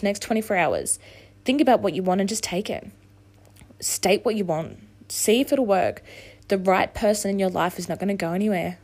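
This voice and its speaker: Speaking in a medium-pitched, slightly mellow voice, this woman hosts a casual solo podcast. She swears freely while hungover, offering frank, motivational talk.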